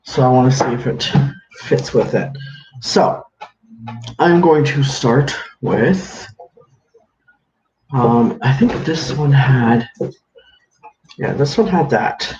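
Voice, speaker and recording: Slow and lively, with frequent pauses, a mid-range male voice chats on a home livestream. He greets viewers by name as he works at a counter, in an echoey room with dull lo-fi sound and faint hiss.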